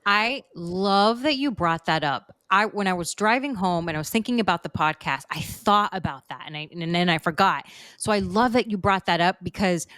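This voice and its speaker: Female co-host with a lower voice, earnest and chatty, dry close recording. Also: expressive, moderate pace, fairly bright tone, no room sound. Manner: earnest, advice-giving, filler-heavy. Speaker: podcast co-host. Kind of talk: casual chat.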